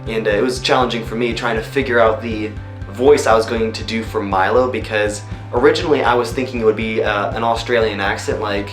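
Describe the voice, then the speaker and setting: A man who works as a voice actor chats loosely about his roles in a behind-the-scenes interview, often pausing on ums and you-knows. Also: lowish voice, steady tone, a bit bright. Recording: roomy room echo. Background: faint music.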